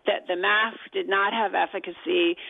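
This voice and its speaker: A woman's voice: medium pitch, steady tone, moderate pace, gravelly, no echo. A woman guest on a talk show, explaining her points emphatically. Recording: tinny phone line.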